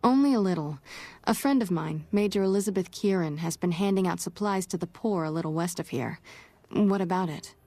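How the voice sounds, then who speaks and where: A calm, measured doctor in a video game, speaking in a dry, close voice with no room sound. She sounds kind and helpful. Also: on the low side, dry recording.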